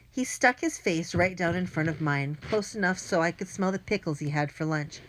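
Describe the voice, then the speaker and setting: Low-voiced woman narrating a children's audiobook. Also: moderate pace, few pauses, noisy background. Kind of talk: first-person audiobook narration.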